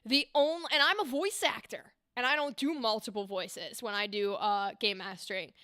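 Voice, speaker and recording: A young woman voice actor chatting casually on a livestream, animated and explaining with demonstrations. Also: fairly high pitch, moderate pace, no echo, studio quality. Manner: animated, talks with her hands, explains with demonstrations. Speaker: streamer and voice actor. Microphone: desk microphone.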